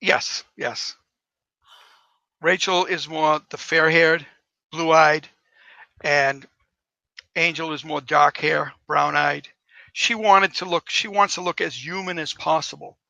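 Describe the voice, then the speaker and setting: A male author guest who tells stories in a rambling, enthusiastic way. His voice is gravelly and sharply bright. It sounds dry and close. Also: a little high, fairly even intonation, takes it slowly, long pauses, dry recording, poor audio. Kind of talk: casual interview.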